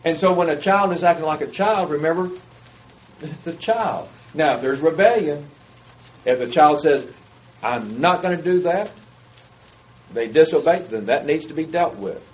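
A man's voice: fairly high pitch, lively intonation, normal speed, poor audio. A man preaching a sermon in a conversational way, often putting questions to his listeners. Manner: conversational, asks the audience questions.

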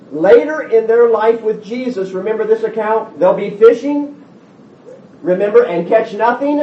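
A male pastor teaching a Bible sermon in a lively way, acting out the disciples' voices as he goes. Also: high-pitched. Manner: animated, acts out the disciples' voices. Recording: roomy, distant, dull sound.

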